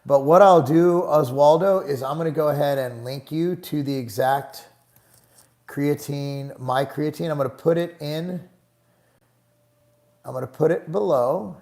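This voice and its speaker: Gravelly middle-aged dude doing a live q&a, blunt and swears a lot, kinda high voice. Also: male voice, moderate pace, darkish tone. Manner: blunt, profane, gets heated and exasperated. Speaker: host answering live chat questions. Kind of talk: casual live Q&A stream.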